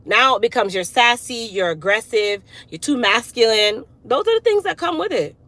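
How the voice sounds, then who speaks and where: A woman's voice: fairly high pitch, animated, moderate pace, fairly bright tone, no echo, poor audio. A woman talking casually and emphatically to her viewers in a motivational, preachy way. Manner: preachy, emphatic, talks straight to her audience. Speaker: hair care business owner and vlogger.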